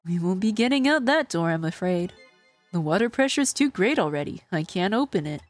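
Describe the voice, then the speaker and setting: A woman's voice: lowish voice, expressive, brisk, no room sound, soft background music, lightly acted. A woman reading aloud for a determined young woman from a game, earnest and matter-of-fact.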